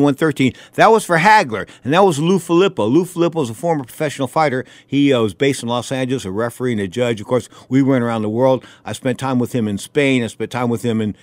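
An older man tells fight stories with emphatic, rapid delivery and his stock phrases repeated. His voice sits a little high. The sound is close and dry, with no room around it. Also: animated, no echo. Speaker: boxing commentator. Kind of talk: casual storytelling commentary.

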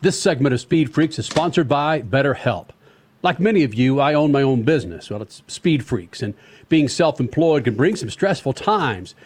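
A man's voice: medium pitch, animated, moderate pace, a little mellow, a little hiss or hum. A man hosting a motorsports radio show, joking and laughing as he banters with his co-hosts. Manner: joking, laughs often, talks in bursts. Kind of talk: casual sports radio banter.

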